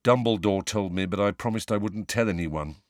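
A glum, subdued teenage boy speaks quietly in a low voice, read by a male narrator. The storybook reading sounds close and dry. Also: a little fast, no echo, natural voice.

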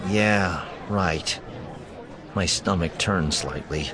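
A man's voice: low-pitched, slow, fairly bright tone, some chatter behind. A man narrating a first-person story in a dry, wry manner.

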